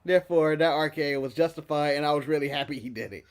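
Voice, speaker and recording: A high-pitched man co-hosting a loose wrestling chat show. He talks in an animated, joking way and laughs a lot. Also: fast. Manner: animated, jokey, breaks into laughter and mock voices. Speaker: podcast co-host. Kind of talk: casual wrestling recap chat.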